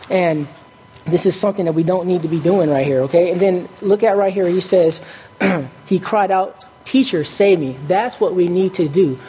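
Brief: preacher, mid-pitched, leans on "okay?" checks and fixes his slips as he goes. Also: mellow, slight background noise. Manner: stops often to ask "okay?", corrects slips aloud. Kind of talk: sermon.

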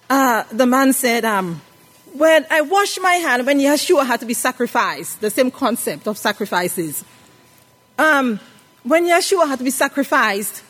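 A woman's voice: high voice, fairly bright tone. A woman preaching a sermon to a congregation, calling out questions for them to answer. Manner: call-and-response, asks the congregation questions. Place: worship hall. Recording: reverberant worship hall.

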